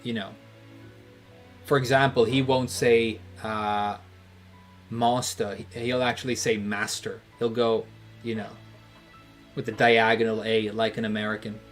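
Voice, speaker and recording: A man from Britain with a British accent, a streamer chatting casually with viewers while playing, rambling and joking with frequent pauses. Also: fairly low pitch, little pitch movement, faint music behind. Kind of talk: casual chat answering viewers while gaming.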